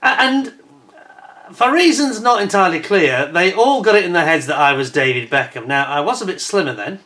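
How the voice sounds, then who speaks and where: A man chatting casually to camera, telling a personal anecdote in an animated way with frequent restarts and laughs. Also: fairly high pitch, a little fast. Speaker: vlogger.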